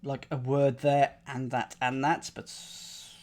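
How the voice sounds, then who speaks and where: A man's voice: mid-range voice, little pitch movement, slow, darkish tone. A man solving a crossword live on stream, thinking aloud in a playful, muttering way. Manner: playful, muttering to himself while reasoning.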